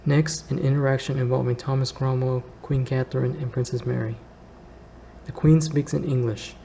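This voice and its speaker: Gravelly, dark-voiced man reading a novel. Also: mid-range voice, steady tone, normal speed, a little hiss or hum, rough recording. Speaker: reader.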